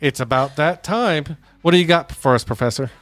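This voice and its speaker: A man's voice: on the high side, normal speed, fairly bright tone. A man co-hosting a casual movie podcast, reading listener comments and joking with his co-hosts. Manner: joking, wraps up with a ranking. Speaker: podcast co-host.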